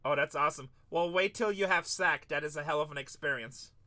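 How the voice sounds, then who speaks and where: Talking briskly in a high, very bright, forceful voice, this man hosts a live card break. He's hyped, announcing every player as it comes out and chatting with viewers between pulls.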